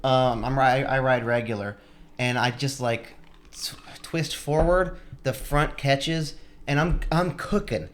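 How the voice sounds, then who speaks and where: A young man co-hosting a podcast, telling a story in a casual, laughing, animated way. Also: medium pitch, slow. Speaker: podcast co-host.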